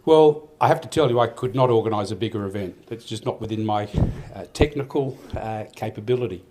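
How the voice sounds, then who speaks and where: This older Australian man has a lowish, darkish voice and talks briskly. As the event organiser, he's speaking at a farmers' awards night in an event hall. He rambles warmly and restarts often.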